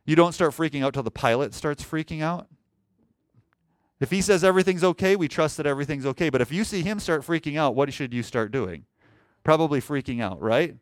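A man's voice: a little high, a little fast, no room sound. A man preaching a sermon, asking the congregation rhetorical questions and acting out panicked cries. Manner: animated preaching, rhetorical questions, acts out shouts. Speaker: pastor.

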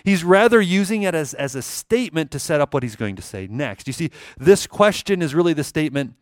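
A man's voice: on the high side, animated, a little fast, hardly any pauses, no echo, clean studio sound. A man preaching a sermon, emphatic and repeating key phrases for weight. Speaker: pastor.

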